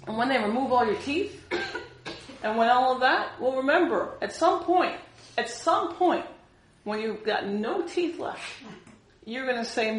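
A woman preaching a sermon in an animated way, acting out the voices she quotes. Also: high voice, unhurried, roomy sound, rough recording.

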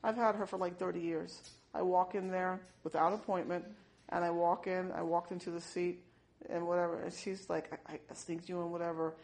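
A woman in casual faith talk, rambling and animated, telling stories with many restarts. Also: fairly low pitch. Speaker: speaker sharing faith lessons.

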